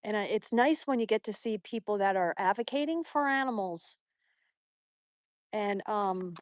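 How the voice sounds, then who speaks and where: Out in a mountain park, a woman streams her morning walk live, talking with viewers, reading out their comments and cooing baby talk at her dog. She speaks at a normal speed with a medium pitch, and the recording is dry with clean studio sound.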